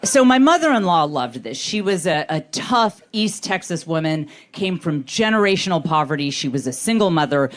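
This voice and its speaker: Animated middle-aged woman doing stand-up. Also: sits low, moderate pace, few pauses. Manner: animated, self-deprecating storytelling. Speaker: stand-up comedian. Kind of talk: stand-up comedy set.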